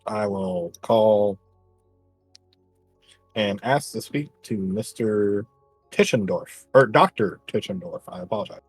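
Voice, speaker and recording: A man plays his character in a tabletop game, speaking haltingly and politely with frequent fillers. His voice is low and husky. The sound is close and dry. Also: expressive, no room sound, soft background music. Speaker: player.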